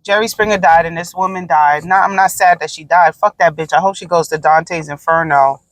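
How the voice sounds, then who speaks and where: A woman's voice: lowish voice, steady tone, brisk, no room sound, low-quality recording. A woman hosting a solo podcast, talking in a blunt, profane, opinionated way with rambling asides and frequent fillers. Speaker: podcast host. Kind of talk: casual solo podcast monologue.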